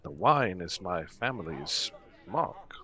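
A man's voice: low voice, very animated, slow, bright, forceful tone, breathy edge, pitched below the performer's own voice, heavily acted. A man voicing a friendly bearded innkeeper who speaks in a formal, courteous way. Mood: welcoming. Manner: formal, courteous, slightly old-fashioned phrasing. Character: friendly bearded male innkeeper, proud of his family wine.

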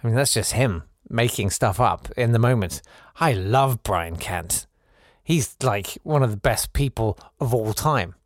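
A man's voice: mid-range voice, expressive, measured pace, no echo. Wry, rambling man, dry sound. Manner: wry, rambling, gently self-mocking. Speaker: podcast host. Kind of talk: casual chat reading listener messages.

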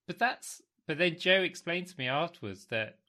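Man, casual chat, bright tense tone, meandering anecdotes. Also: on the high side, animated, moderate pace. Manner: meandering, storytelling, easily amused. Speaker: podcast co-host.

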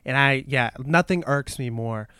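A man from Pakistan joins a relaxed chat as a guest comic, nodding along with quick rounds of agreement. His voice sits at a mid pitch, and the recording is dry and close. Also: smooth, no echo. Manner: agreeable, frequent "yeah, yeah" backchannels. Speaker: podcast guest and comedian. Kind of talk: casual chat.

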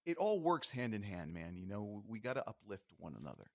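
Earnest man with a lively voice. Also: lowish voice, brisk, no echo, clean studio sound. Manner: earnest, motivational, rambling restarts. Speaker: podcast guest. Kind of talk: casual podcast interview.

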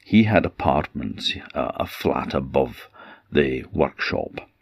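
A man with an Orkney Scottish accent telling a folk tale in a measured, conversational way. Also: a bass voice, lively intonation, vocal fry, breathy edge, dry recording, clean studio sound. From Orkney, Scotland. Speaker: storyteller.

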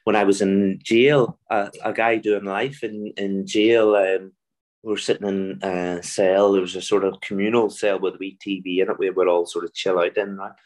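Belfast man telling lively stories. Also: deep voice, moderate pace. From Belfast, Northern Ireland. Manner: animated storyteller, mimics voices in anecdotes. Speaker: guest author. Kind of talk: storytelling interview.

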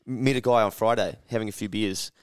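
New man, podcast co-host, lowish voice, animated storyteller who swears. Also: a little fast, clear, resonant tone, no echo, studio quality. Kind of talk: casual podcast chat.

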